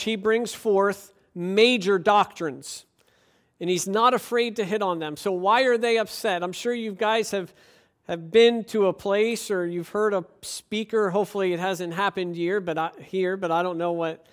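A man preaching a sermon as pastor, emphatic and conversational, often asking rhetorical questions. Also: high-pitched.

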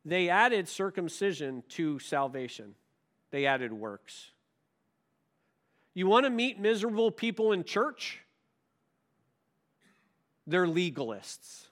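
A man's voice: high voice, very animated, takes it slowly, long pauses, a bit bright. A male pastor preaching a sermon, emphatic and full of rhetorical questions.

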